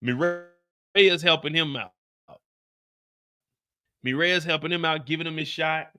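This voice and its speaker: A man hosting a live show recap, telling the story in animated, slangy casual talk. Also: fairly high pitch, unhurried, smooth.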